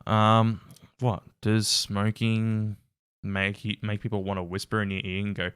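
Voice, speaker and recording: A man's voice: lowish voice, steady tone, normal speed, fairly bright tone, smooth, no echo, studio quality. A man hosting a casual reaction commentary, wry and incredulous, laughing often. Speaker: reaction video host.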